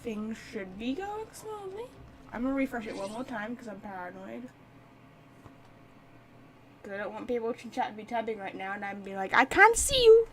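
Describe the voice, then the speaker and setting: A woman's voice: a little high, lively intonation, normal speed, pauses often, a crowd in the background. A woman chatting casually as she sets up and opens a live game stream, thinking aloud as she goes.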